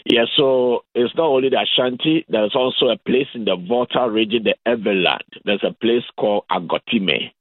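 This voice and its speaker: A man from Ghana with a Ghanaian accent, calling in as a guest on a radio interview and explaining things in a measured way. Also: medium pitch, no echo. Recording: phone-line sound.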